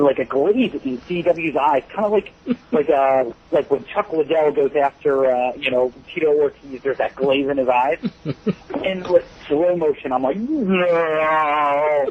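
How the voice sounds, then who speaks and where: A man's voice: on the high side, muffled recording, slight background noise. A man being interviewed as a wrestling guest, telling rambling stories and laughing often. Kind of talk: shoot interview storytelling.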